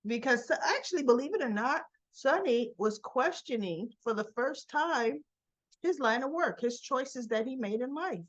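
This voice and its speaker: A woman's voice: sits high, animated, normal speed, highs cut off. A woman vlogger giving a casual recap of a soap opera episode, telling it as a story and acting out the characters' lines.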